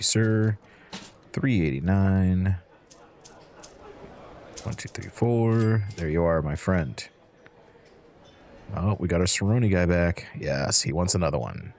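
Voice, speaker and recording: Guy with a really deep voice doing easygoing let's-play commentary, chatting to customers while counting change. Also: creaky, a little hiss or hum. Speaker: gaming channel host.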